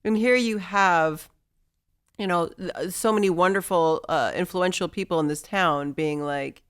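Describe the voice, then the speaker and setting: A woman's voice: lowish voice, a little slow, clean tone. A woman hosting a casual interview, affectionate and encouraging toward her guest, speaking in long reflective thoughts. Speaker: host.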